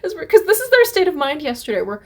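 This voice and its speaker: A woman's voice: sits high, fast, slight background noise. A woman podcast host telling a travel story in a casual, rambling way, full of "like" and restarts. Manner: rambling, animated, many "like"s and restarts.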